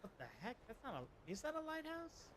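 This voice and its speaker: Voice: high-pitched, very animated, fairly quick, noisy background. A streamer casually commenting while playing a video game, chatting along with viewers. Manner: chatty, talks to chat and self while playing.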